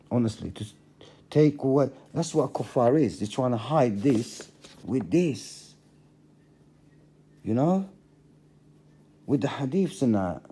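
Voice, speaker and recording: A man's voice: mid-range voice, warm tone, breathy edge. A middle-aged man giving a passionate monologue to camera, repeating phrases for emphasis. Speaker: religious vlogger.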